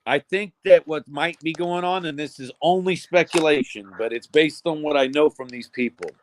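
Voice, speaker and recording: A man's voice: a little high, moderate pace. A man co-hosting a live talk show, chatting casually and speculating with some profanity. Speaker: co-host. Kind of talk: casual chat.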